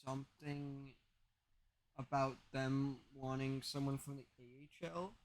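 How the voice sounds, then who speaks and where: A man's voice: mid-range voice, fairly even intonation, takes it slowly, rough recording. A young man co-hosting a podcast, chatting casually about sports and explaining things at length with plenty of restarts. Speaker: podcast co-host.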